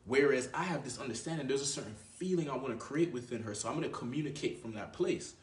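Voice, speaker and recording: Speaking as a dating coach, a man delivers a laid-back advice monologue full of slang, addressing the viewer as "bro" and frequently tacking on "right?". He talks fast and animatedly in a mid-range voice, positioned far from the mic in a roomy-sounding recording.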